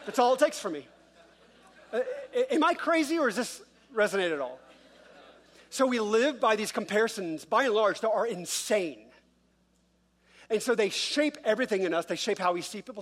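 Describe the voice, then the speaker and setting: A man's voice: high voice, fairly bright tone. A middle-aged male pastor preaching a sermon in a conversational, self-deprecating way, acting out quoted voices.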